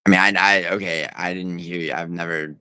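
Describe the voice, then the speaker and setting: A man's voice: low voice, steady tone, a little fast, pushed and bright, smooth, no echo. A man livestreaming from home, rambling and teasing his viewers in profane, casual banter as he reads the chat. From United States.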